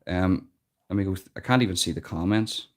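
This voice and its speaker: A man's voice: deep voice, brisk. An Irish man hosting a live stream, giving earnest, emphatic commentary and often repeating words as he thinks, recorded without a proper microphone. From Ireland. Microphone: built-in device mic, no external mic.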